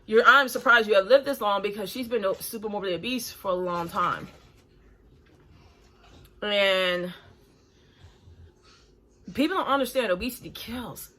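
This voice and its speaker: Blunt, breathy woman in her forties. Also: medium pitch, normal speed, pauses often, sharp tone. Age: 40s. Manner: blunt, critical, chatty. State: breathing hard. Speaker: reaction video host. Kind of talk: casual reaction commentary.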